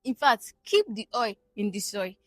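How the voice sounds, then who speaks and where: A woman's voice: mid-range voice, moderate pace, dry recording, studio quality, soft background music. A Nigerian woman climate advocate answering an interview question, stressing her key phrases emphatically. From Niger Delta, Nigeria.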